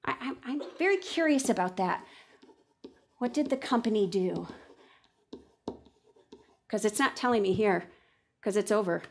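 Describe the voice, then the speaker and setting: Animated woman modeling a classroom think-aloud. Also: medium pitch, unhurried, pauses often. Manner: animated, switching between reading aloud and thinking aloud. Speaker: teacher trainer. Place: classroom with an audience.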